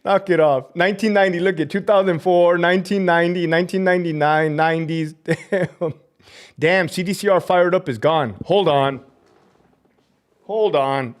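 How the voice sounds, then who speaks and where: A man ranting on his live stream, cursing hard and swinging between loud outbursts and low muttering. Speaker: livestreamer and prison officer. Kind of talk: profane live-stream rant.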